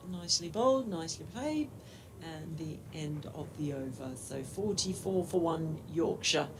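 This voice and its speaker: A woman's voice: sits low, expressive, moderate pace, background noise. A young woman giving friendly, conversational live cricket commentary. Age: young adult. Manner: friendly, conversational, warmly appreciative.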